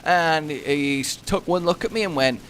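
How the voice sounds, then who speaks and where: A man in his twenties, chatting over gameplay and telling a funny story with excitable outbursts. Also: fairly high pitch, moderate pace, slight background noise. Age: 20s. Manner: excitable anecdote-telling, bursts into loud exclamations. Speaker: gaming YouTuber.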